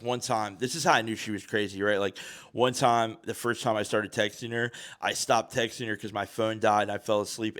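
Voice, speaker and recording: Podcast host, man in his thirties, low-pitched, rambling profane anecdote with sudden loud bursts. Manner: animated, profane, swings from mumbling to loud. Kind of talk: casual storytelling.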